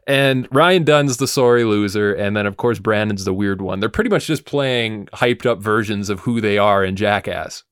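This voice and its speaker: A man's voice: lowish voice, moderate pace, hardly any pauses, smooth, no room sound, studio quality. A man hosting a casual movie-review chat, sarcastic and swearing freely as he walks through the plot.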